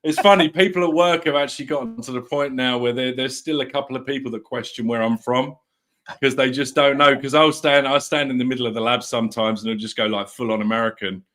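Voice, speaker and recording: A man's voice: medium pitch, quick pace, a bit bright. A man telling self-mocking stories on a casual talk show. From England. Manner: storytelling, self-mocking, breaks into voices. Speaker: regular guest. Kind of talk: casual chat.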